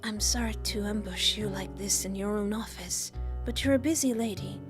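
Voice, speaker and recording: A woman doing a tall, composed witch with a put-on French accent, who speaks in a smooth, formal, unhurried way. The voice sits at an ordinary pitch, and background music plays under it in a visual novel read aloud. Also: natural voice. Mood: cool, composed. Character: poised, tall female witch, coolly detached.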